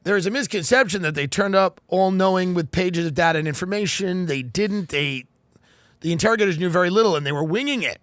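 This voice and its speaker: A man's voice: high voice, fast talker, a bit bright, dry recording. A man hosting a podcast, reading news aloud and riffing on it with sarcastic, mock-earnest comedy. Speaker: podcast host.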